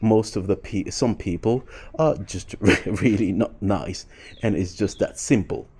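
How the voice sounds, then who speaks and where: Man, deep mellow voice, reflective, halting with fillers, faint outdoor ambience. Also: slight background noise. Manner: reflective, with frequent fillers and restarts. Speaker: vlogger. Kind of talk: casual commentary.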